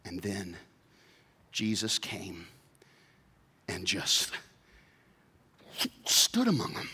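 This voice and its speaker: Animated, bright-voiced male pastor. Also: low-pitched, drawn-out words, husky, big-room sound. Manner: animated storytelling, acting out voices. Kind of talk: sermon.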